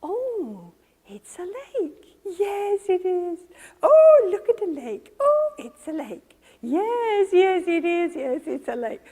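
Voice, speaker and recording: A gentle mother coaxing her little one, as a woman acts her out. The voice is soft and cooing, pitched up high and drawn out slowly. A long reverb trails after each word, as in a big hall. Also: sing-song, heavily acted.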